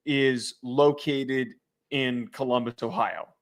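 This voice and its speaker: A man's voice: medium pitch, fairly even intonation, slow pace. A man co-hosting a casual football podcast, wry and sarcastic, who checks facts as he talks. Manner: wry, looks things up, sarcastic asides. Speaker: podcast co-host. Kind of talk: casual sports chat.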